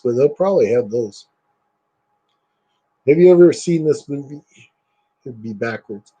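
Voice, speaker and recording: Rambling man with a mellow voice. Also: mid-range voice, dull audio. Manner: rambling, filler-heavy, enthusiastic. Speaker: collector showing items. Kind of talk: casual show-and-tell chat.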